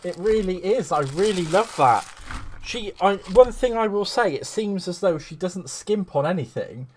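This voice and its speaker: A man's voice: high voice, lively intonation, moderate pace, a little hiss or hum. A man hosting a live crafting stream, chatting in a rambling, gushing way and greeting viewers fondly. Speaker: craft livestream host.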